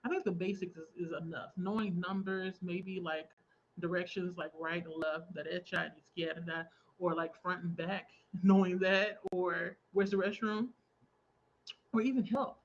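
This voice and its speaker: A woman's voice: lowish voice, fairly even intonation, moderate pace, a little hiss or hum. Talkative young woman, livestream host, easygoing chat between stitches, dull lo-fi mic. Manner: chatty, laughs often, reads out viewer comments. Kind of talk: casual chat while crafting.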